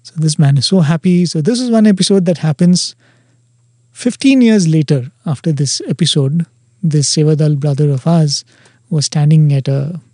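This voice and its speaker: A man's voice: on the high side, normal speed, warm tone, dry recording. A man earnestly telling a devotional story, quoting dialogue along the way. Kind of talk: devotional anecdote.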